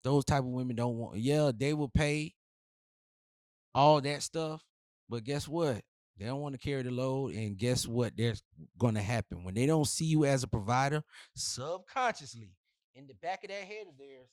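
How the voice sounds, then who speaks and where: A man's voice: mid-range voice, normal speed, a little mellow, no room sound, clean studio sound. Blunt slangy man giving dating advice. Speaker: relationship advice host. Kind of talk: casual advice monologue.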